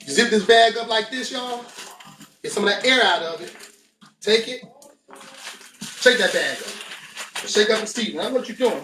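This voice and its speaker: A man's voice: high-pitched, background noise. A man hosting a casual cooking demonstration, chatty and laid-back, talking straight to viewers as he works. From United States. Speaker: cooking show host. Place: home kitchen. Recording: echoey room, mic at a distance.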